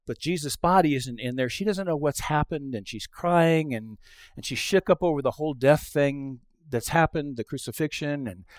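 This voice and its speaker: A middle-aged male pastor delivering a conversational sermon, telling stories and acting out quoted lines, moving between hushed asides and loud exclamations. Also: mid-range voice, smooth, dry recording, clean studio sound. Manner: conversational storytelling with acted-out quotes.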